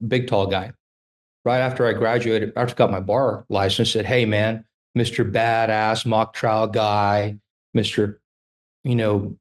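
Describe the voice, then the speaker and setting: A man in his fifties, a trial lawyer, shares animated anecdotes in an informal interview and acts out what the characters say. His voice sits on the low side.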